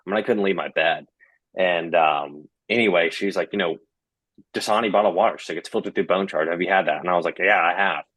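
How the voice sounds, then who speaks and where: A young man, a guest, casually tells a personal story packed with fillers and quoted back-and-forth dialogue. His voice is low, brisk, slightly bright and husky, with no room sound.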